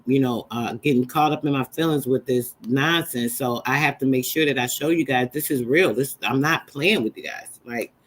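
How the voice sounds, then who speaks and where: Emphatic woman preaching to her live chat. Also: deep voice. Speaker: livestream host. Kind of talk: live-stream teaching chat.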